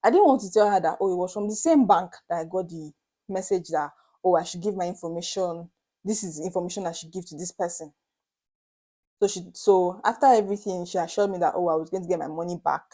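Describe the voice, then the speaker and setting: A young Nigerian woman vlogger retelling a story to her viewers in an animated, dramatic way, slipping into Pidgin asides. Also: fairly low pitch, quick pace. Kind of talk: storytelling to camera.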